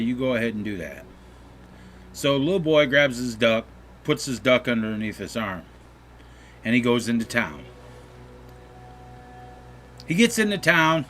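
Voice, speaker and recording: A man hosting a gaming channel, telling a joke in a relaxed, folksy way over gameplay. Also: medium pitch, a little hiss or hum. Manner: folksy, relaxed storytelling with restarts.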